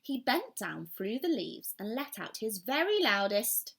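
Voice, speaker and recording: A woman's voice: a little high, very animated, measured pace, gravelly, very noisy. A woman teacher reading a children's story aloud expressively, stopping now and then to ask questions. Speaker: primary school teacher.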